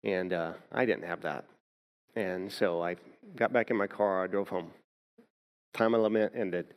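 A man's voice: fairly low pitch, moderate pace, clean tone. A man pastor preaching a sermon, telling a personal story and often repeating words as he starts a thought.

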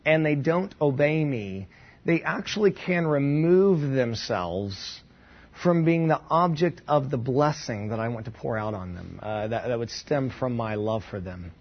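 A man's voice: mid-range voice, animated, unhurried, highs cut off. A man giving an informal Bible lesson, thinking aloud with asides and restarts. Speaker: Bible teacher. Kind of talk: conversational Bible teaching.

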